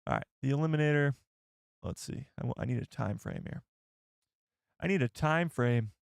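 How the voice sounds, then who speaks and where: A man hosts a live stream in a loose, rambling way, thinking aloud as he answers chat and looks things up. His voice sits at an ordinary middle pitch. The sound is dry, with no room echo. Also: animated, normal speed, vocal fry. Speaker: livestream host.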